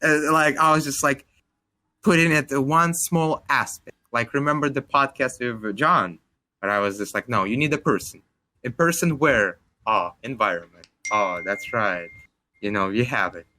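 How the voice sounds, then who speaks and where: A man's voice: medium pitch, normal speed, pushed and bright. A young man in his twenties with a Russian accent, co-hosting a casual podcast chat. He rambles, leans on "like" a lot and swears casually. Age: 20s. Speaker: podcast co-host.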